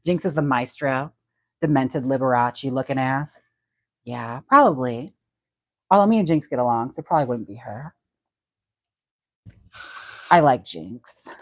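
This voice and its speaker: A man's voice: medium pitch, lively intonation, a little slow, pauses often, a bit bright, no echo. A man hosting a casual livestream, chatty and giggly as he talks about wigs and reads out viewer comments. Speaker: livestream host and wig stylist.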